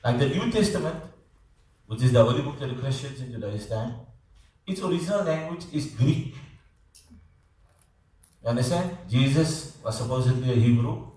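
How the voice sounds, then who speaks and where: A man's voice: mid-range voice, a little mellow. A man teaching a class in a conversational way, repeating words and checking that students follow. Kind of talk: classroom lecture. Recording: echoey classroom, voice from far off.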